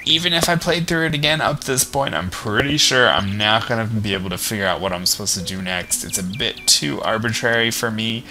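A man's voice: fairly low pitch, brisk, few pauses, noisy background. A man giving casual commentary while playing a game, chatty and self-deprecating, talking to the characters on screen. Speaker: let's play gamer. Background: game music.

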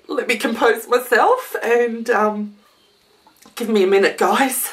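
A woman's voice: mid-range voice, slow, a bit bright. A woman unboxing gifts on a casual vlog, gushing and gasping, teary and emotional. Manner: gushing, gasping, exclaiming often. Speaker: vlogger opening a gift swap.

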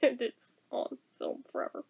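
A woman's voice: moderate pace, narrow, tinny audio. A woman telling a storytime vlog in a casual way, swearing and laughing to the point of tears. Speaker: vlogger.

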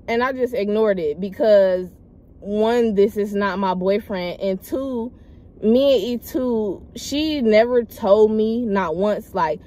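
A woman's voice: medium pitch, a little slow. A young woman vlogger chatting casually as she tells a personal story, emphatic and rambling, talking straight to her viewers. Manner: animated, emphatic retelling with loud acted quotes; slangy, rambling, addresses viewers as y'all.

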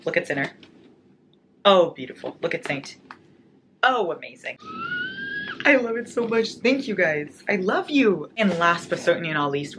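A woman in her twenties chatting excitedly as a book vlogger, unboxing gifts and reading notes aloud. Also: lowish voice. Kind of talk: casual unboxing chat. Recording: noisy home recording.

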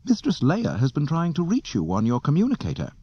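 A man voicing a fussy, formal male protocol droid in an audiobook reading, high-strung and prissy. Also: huge pitch swings, brisk, warm tone, slightly rough, dull audio, full character voice. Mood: fretful.

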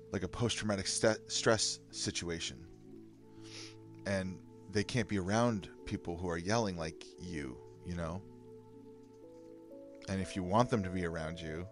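A man's voice: low-pitched, a little slow, long pauses, over music. A man reading anger-management tips aloud and commenting on them candidly, in a casual vlog. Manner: reads advice aloud then comments candidly, with sighs and laughs. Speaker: vlogger. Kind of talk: casual self-help video reading and reacting.

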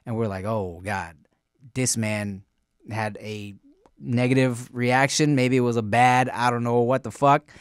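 A man's voice: mid-range voice, steady tone, unhurried, clear, resonant tone, no room sound, clean studio sound. A man co-hosting a podcast, laid-back and chatty, with slang and many fillers. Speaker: podcast co-host. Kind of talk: casual chat.

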